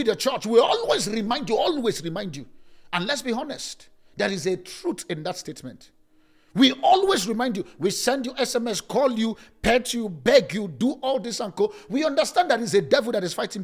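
A man preaching as a pastor, swinging between loud and soft, with sudden rises and drops in pitch. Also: very animated, fairly quick, breathy edge. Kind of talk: sermon.

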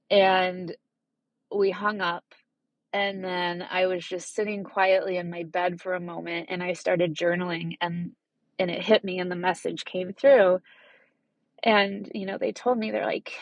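A woman in her thirties telling a personal story in a vlog, halting and tearful, often restarting her sentences. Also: lowish voice, level tone, creaky, dry recording, lo-fi sound. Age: 30s. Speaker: vlogger. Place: parked car.

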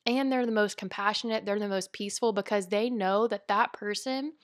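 A woman's voice: medium pitch, a bit bright, no echo, clean studio sound. A woman hosting a spiritual coaching podcast, talking in an earnest, chatty and rambling way with frequent asides. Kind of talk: casual spiritual podcast monologue.

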